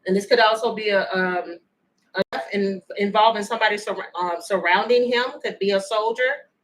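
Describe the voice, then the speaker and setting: A woman giving a chatty, animated livestream tarot reading and thanking viewers by name. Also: medium pitch, brisk, low-quality recording. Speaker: tarot reader.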